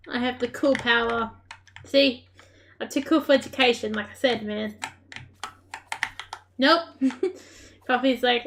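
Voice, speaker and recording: Excitable woman trash-talking over gameplay. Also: a little high, measured pace, pauses often, slight background noise. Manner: excitable, laughing, playful trash talk. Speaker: gaming creator. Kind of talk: live gameplay commentary.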